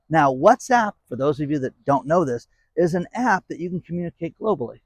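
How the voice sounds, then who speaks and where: On his own channel, a man talks casually to camera, hammering his points home with a repeated "okay?" His voice is a little high with a darkish tone, captured in a dry recording.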